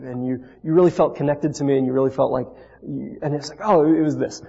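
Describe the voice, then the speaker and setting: A man's voice: a little high, fairly even intonation, fast talker, creaky, dark tone, slightly rough. A man preaching a sermon as pastor, earnest and repetitive, restarting phrases often. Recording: dull lo-fi recording with long hall reverb.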